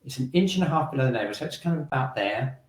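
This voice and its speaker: A man teaching a shiatsu and qigong class, calmly cueing breathing and movement and checking in with "okay?" as he goes. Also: mid-range voice, racing. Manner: calm, repetitive cueing with frequent "okay?" check-ins. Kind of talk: guided breathing exercise class. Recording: roomy sound, mic at a distance.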